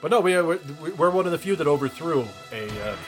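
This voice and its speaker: Animated, swearing man on a podcast. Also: a little high, fast, soft background music. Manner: profane, animated, swears often. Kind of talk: casual comedic chat, reading aloud.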